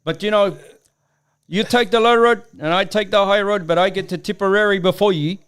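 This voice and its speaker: A man's voice: high-pitched, brisk, a bit bright, clear, resonant tone. A man putting on a boozy rambling Irish bloke. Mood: jokey. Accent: put-on Irish. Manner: rambling, singsong, joking.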